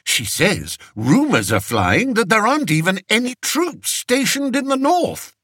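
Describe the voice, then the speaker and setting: A man voicing a vain, anxious young king who speaks in a high, plaintive way, in an audiobook. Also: wildly swooping pitch, unhurried, a bit bright, husky, no echo, studio quality, exaggerated voice. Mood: fretful. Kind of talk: audiobook character voice.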